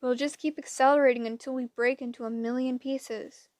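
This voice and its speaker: A woman's voice: high voice, steady tone, a little fast, darkish tone, no room sound, lightly acted. A woman voicing a clever, bossy teenage girl who speaks in an urgent, commanding way in an audiobook.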